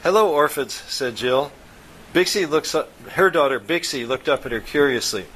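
A man reading a science-fiction story aloud in steady, even narration. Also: mid-range voice, normal speed, husky, rough recording. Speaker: audiobook narrator.

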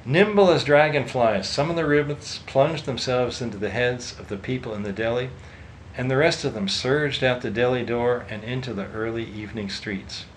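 Male narrator, mid-range voice, steady storytelling, low rumble behind. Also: normal speed, rough recording. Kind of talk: audiobook narration.

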